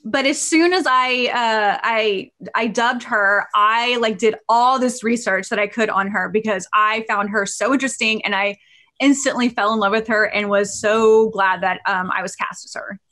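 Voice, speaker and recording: Bright-voiced chatty woman. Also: a little high, moderate pace. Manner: chatty, many fillers and restarts. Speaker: voice actress on a panel. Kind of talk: casual anecdote.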